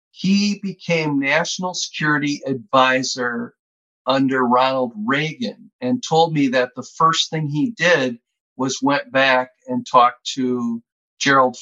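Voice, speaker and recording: A man's voice: medium pitch, bright, forceful tone. A man being interviewed as an author, telling stories casually and laughing often as he talks. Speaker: author and guest. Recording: dull lo-fi sound.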